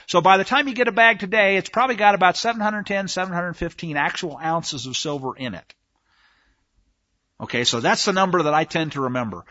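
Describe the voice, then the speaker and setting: A radio host with a fairly high, sharp voice delivers a rambling, emphatic talk show monologue, often restarting his sentences. The recording is muffled but has no echo.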